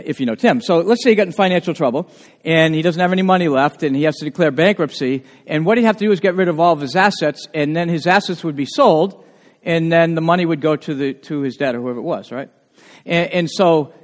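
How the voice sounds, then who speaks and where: A man preaching a sermon, talking casually with the congregation, asking them questions and building to loud, emphatic passages. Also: high voice. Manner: conversational, asks the congregation questions. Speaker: pastor. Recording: long hall reverb.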